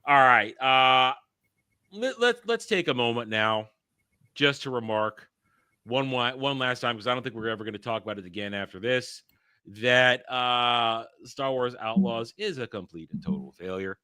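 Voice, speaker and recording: Bright, blunt ranting man hosting. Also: mid-range voice, moderate pace, clear, resonant tone, no echo, clean studio sound. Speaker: podcast host. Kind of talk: casual panel chat.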